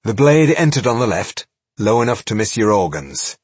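A man voicing a stubborn, grim male dwarf scholar-warrior with a husky voice in an audiobook. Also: on the low side, very animated, normal speed, a little mellow, dry recording. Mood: steady. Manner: firm, defiant. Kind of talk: audiobook character voice.

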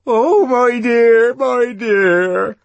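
A hoarse, tearful older woman pours out words in a sobbing rush, pitched far up in a storybook reading, as a man puts her on. Her voice is breathy and rough, swinging widely in pitch. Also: very animated, no room sound, heavily acted. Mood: tearful gushing. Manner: high, sobbing, rushing torrent of words. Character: stout aging woman, gushing and tearful.

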